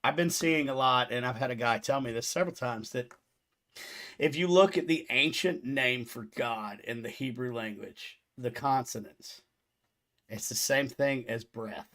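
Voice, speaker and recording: A man hosts a casual podcast in a chatty, animated way and laughs easily. His voice sits at an ordinary mid pitch. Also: moderate pace.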